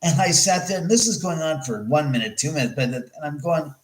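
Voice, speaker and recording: A man hosting a livestream, telling a story in an animated, rambling way with plenty of swearing and repeated words. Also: on the high side, a little fast, roomy sound, poor audio. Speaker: host of a livestream.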